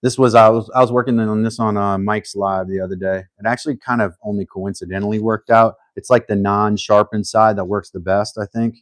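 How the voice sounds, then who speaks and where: A man works on a casual live stream while thinking aloud, modest and a little faltering, restarting often. His voice is on the low side and steady, recorded with no echo.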